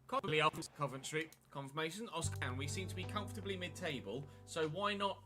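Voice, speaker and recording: A man's voice: a little high, animated, quick pace, over music. A man streaming a football career game, commenting casually with a chatty, wry manner and answering his chat.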